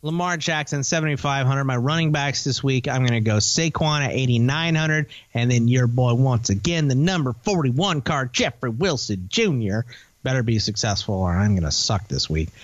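A man's voice: medium pitch, dry recording, dull audio. Man rattling off fantasy football picks. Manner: rambling, teasing, lists names quickly. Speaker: podcast co-host. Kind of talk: casual fantasy football chat.

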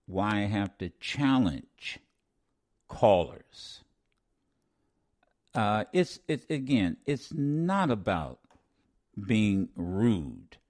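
Male talk radio host with an animated, swinging delivery. He challenges callers hard. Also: on the low side, extremely slow, pauses often. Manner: lively, interrupts and scolds callers, voice rising when angry.

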